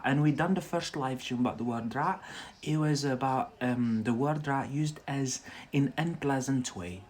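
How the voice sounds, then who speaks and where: A man's voice: mid-range voice, a little hiss or hum. A man from Algeria teaching an English lesson on a live stream, in a chatty way that answers viewers' questions and asks "yeah?" often.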